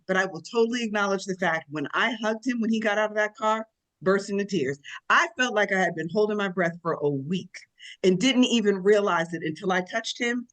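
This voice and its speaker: A woman's voice: mid-range voice, poor audio. Emphatic woman radio co-host. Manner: warm, emphatic, storytelling. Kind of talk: casual radio chat.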